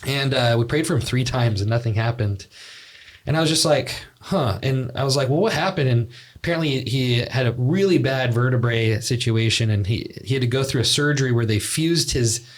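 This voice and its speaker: A man's voice: medium pitch, moderate pace. A young man co-hosting a podcast, telling a story in a loose, rambling way with lots of fillers. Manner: rambling, filler-heavy, laughs at own story. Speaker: podcast co-host. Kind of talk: casual storytelling chat.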